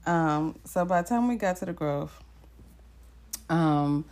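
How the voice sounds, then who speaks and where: A young woman co-hosts a casual podcast and tells a story. Her voice sits a little low, and she laughs often. She jumps sharply higher when she quotes herself. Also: expressive, slow, darkish tone. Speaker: podcast co-host.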